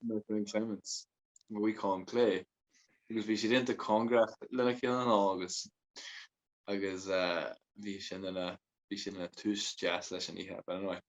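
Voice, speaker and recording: Low-voiced man telling rambling stories. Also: fairly even intonation, moderate pace, dull audio. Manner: rambling, switches between Irish and English, laughs often. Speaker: podcast guest. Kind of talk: casual storytelling chat.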